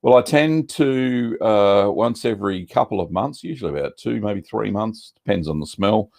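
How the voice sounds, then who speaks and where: A middle-aged Australian man hosting a casual livestream chat, relaxed and rambling with lots of ums and uhs. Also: fairly low pitch, moderate pace, gravelly. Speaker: cheese-making livestream host.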